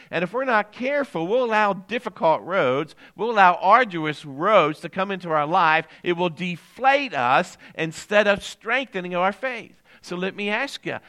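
Bright-voiced older man preaching. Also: high-pitched. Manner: conversational preaching that repeats key phrases and questions the congregation. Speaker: pastor. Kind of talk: sermon.

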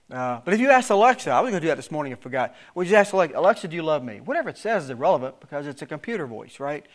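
A man teaching a verse-by-verse Bible study, reading scripture aloud with rising emphasis, then explaining it in plain talk with frequent repeated words. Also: fairly high pitch. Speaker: preacher.

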